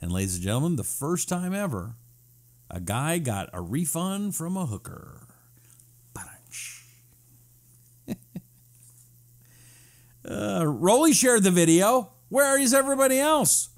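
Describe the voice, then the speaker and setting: A man's voice: high-pitched, sing-song, a little slow, pauses often. A man hosting a casual live-stream talk show, sarcastic and wisecracking, reading out viewer comments.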